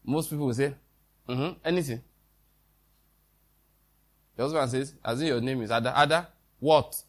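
A man's voice: medium pitch, moderate pace. A man preaching a sermon in a conversational way, with quoted dialogue and questions to the congregation.

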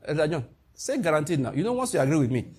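A man with a Nigerian accent preaching a sermon as pastor, emphatic and animated, with Pidgin asides. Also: fairly high pitch, quick pace, slightly rough.

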